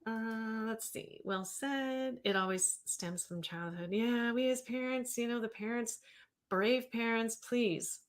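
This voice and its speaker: A woman's voice: fairly high pitch, slow. A woman in her fifties, a therapist hosting a livestream, talking casually and rambling as she reads viewer comments aloud. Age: 50s.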